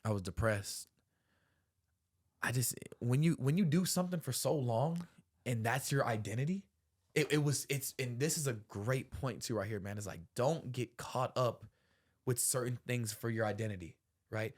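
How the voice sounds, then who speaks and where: A man's voice: mid-range voice, moderate pace. Young man, podcast host, earnest, heartfelt storytelling, casual slang. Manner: earnest, slangy, says bro and man often. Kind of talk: emotional personal storytelling.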